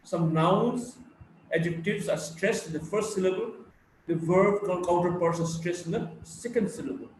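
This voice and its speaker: A man teaching a live phonetics class, slowly drilling word lists and explaining stress rules. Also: high-pitched, a little mellow, recorded from a distance, slight background noise. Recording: echoey room, voice from afar.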